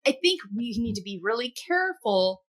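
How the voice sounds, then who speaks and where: A woman's voice: on the high side, big pitch swings, moderate pace. A middle-aged woman hosting a podcast interview, affirming her guest often and asking reflective questions. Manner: warmly affirming, frequent "yeah". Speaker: podcast host. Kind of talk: conversational interview.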